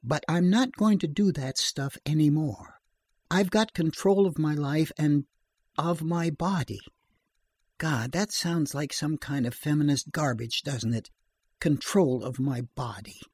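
A man's voice: fairly high pitch, unhurried, darkish tone, breathy edge, no echo. A man voicing a trembling, nervous young woman. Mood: apologetic. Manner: small, trembling voice.

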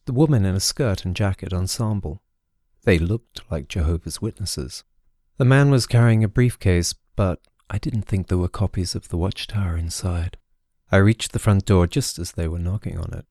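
A man reading a first-person story aloud in a wry, measured way. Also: fairly low pitch, a little mellow, dry recording, studio quality. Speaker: narrator. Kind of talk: scripted audiobook narration.

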